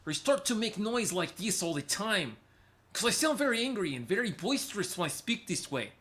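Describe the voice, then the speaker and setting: A man putting on a loud, angry foreign-accent guy. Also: high voice, very animated, moderate pace, pitched above the performer's own voice. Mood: boisterous. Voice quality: loud, scolding, broken grammar.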